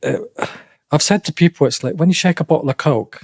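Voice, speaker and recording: Halting man, dry close sound. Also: a little high, a little mellow, husky, dry recording. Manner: halting, repeats himself, many restarts. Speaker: interview guest. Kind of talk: emotional personal account.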